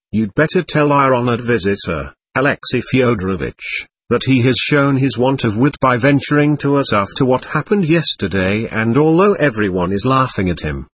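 A man's voice: medium pitch, slightly rough. A man reading aloud, voicing a capricious, mocking teenage girl who is ill.

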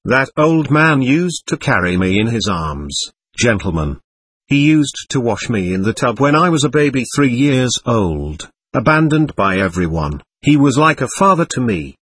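A nervous, effusive man under questioning, slightly drunk and talking over himself, as a male audiobook reader voices him. His voice swings lively up and down with a husky edge, and the dry recording keeps it close. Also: medium pitch, dry recording. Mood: grateful. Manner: nervous, quick and pleading, repeats himself. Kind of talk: audiobook reading.

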